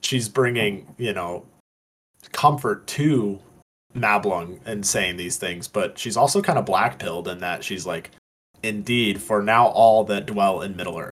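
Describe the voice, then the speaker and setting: A man's voice: low voice, a bit bright, husky. A young man co-hosting a casual book podcast, musing thoughtfully with loose, hedging phrasing. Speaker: podcast co-host.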